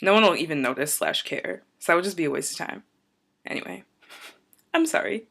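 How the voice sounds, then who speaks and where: A woman's voice: lowish voice, lively intonation, fast talker, creaky, fairly bright tone. A young woman talking casually to camera in a vlog, rambling and going off on tangents in an upbeat, chatty way. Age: young adult. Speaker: vlogger.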